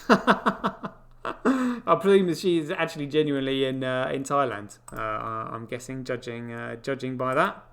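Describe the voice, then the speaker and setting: A man's voice: mid-range voice, measured pace, gravelly, fairly bright tone. A man hosting a live online show, rambling through casual news commentary with lots of fillers and wry asides. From United Kingdom.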